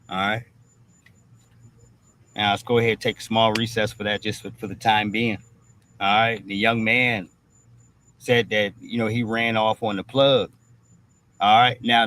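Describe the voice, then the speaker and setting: A man's voice: lowish voice, a bit bright. Blunt, profane man on a stream. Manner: blunt, profane, keeps asking "all right?". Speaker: host. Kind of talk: streamed commentary monologue.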